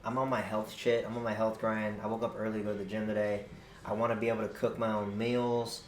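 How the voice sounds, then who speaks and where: A young man streamer telling a story in casual chat, animated and swearing a lot. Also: lowish voice, fast talker. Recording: roomy echo, faint noise.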